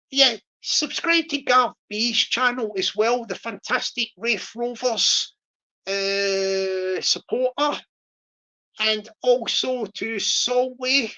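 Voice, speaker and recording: A woman's voice: on the high side, pushed and bright, rough recording. A woman hosting a casual livestream, rambling with lots of fillers and restarts. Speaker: livestream host.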